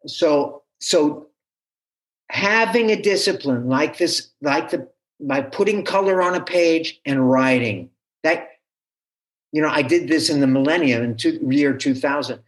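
A man who teaches, talking as a guest in an interview in a halting, animated way with frequent restarts. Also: fairly high pitch. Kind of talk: conversational interview.

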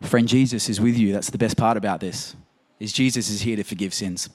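A man's voice: on the low side, fairly even intonation, fairly quick, a little mellow, breathy edge. A man preaching a sermon in a conversational, emphatic way, full of rhetorical questions. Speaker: pastor.

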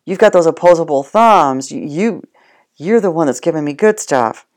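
A dog trainer voicing an eager, excited pet dog, gushing with delight. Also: medium pitch, moderate pace, close to an everyday voice. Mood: awed.

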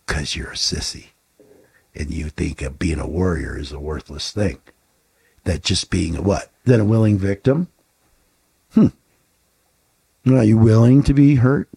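A man's voice: lowish voice, creaky, mellow, husky. A man co-hosting a podcast, talking bluntly and swearing often, firing off rhetorical questions in casual talk. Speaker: podcast co-host.

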